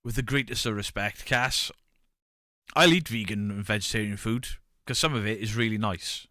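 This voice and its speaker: A man's voice: fairly low pitch, moderate pace, dry recording, studio quality. A man, streaming and bantering casually with his chat. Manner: banter, reads chat aloud, shouts mock pub-landlord bits.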